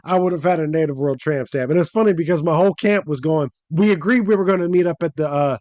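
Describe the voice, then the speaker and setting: A man's voice: on the high side, fast, darkish tone, dry recording. A man hosting a podcast, telling a long story in casual, profane chat and acting out the quotes in a raised voice. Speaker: podcast host.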